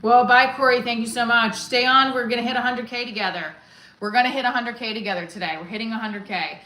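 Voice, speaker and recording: A woman's voice: on the high side, fairly even intonation, fast talker, pushed and bright. A woman hosting a casual livestream, cracking profane, rambling stand-up jokes. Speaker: livestream host. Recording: roomy echo.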